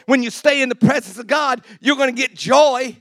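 A man preaches a lively sermon in a fairly high voice, picked up dry and close on a mic. He swings from loud exhortations to quiet, laughing asides. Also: normal speed, dry recording. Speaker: pastor. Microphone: handheld or stage mic.

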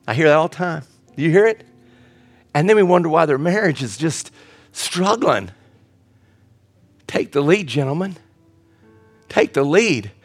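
A middle-aged man, a pastor, preaching with humor, swinging between loud outbursts and quiet moments. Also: fairly high pitch, expressive, a little slow, pauses often, slightly rough, no room sound, soft background music. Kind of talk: sermon.

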